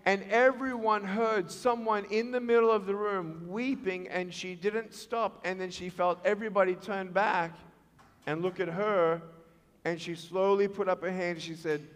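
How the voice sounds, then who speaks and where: A man giving a storytelling speech to students as a motivational speaker, animated and acting out the dialogue in different voices. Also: high voice, moderate pace. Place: large school hall with an audience. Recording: echoey hall reverb.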